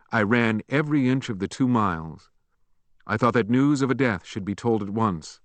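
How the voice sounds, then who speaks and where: Measured male audiobook narrator, dry booth. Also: lowish voice, no echo. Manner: measured, even storytelling. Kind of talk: scripted memoir narration.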